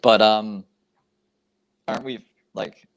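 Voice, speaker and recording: A man's voice: on the low side, steady tone, slow, a crowd in the background. A man from Canada co-hosting a stream, chatting casually and joking crudely. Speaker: streamer co-host. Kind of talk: casual chat.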